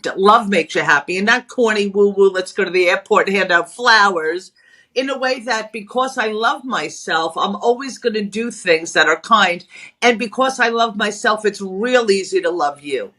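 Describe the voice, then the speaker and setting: A middle-aged woman, talking as a guest in a casual interview. She tells stories in a brash, animated way and acts out what people said. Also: mid-range voice, normal speed. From Long Island, New York. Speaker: guest, spiritualist author.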